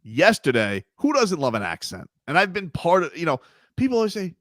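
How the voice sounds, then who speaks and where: A man hosting a sports talk radio show, emphatic and animated, swinging between loud and quiet. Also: a little high, a little fast, dry recording, studio quality.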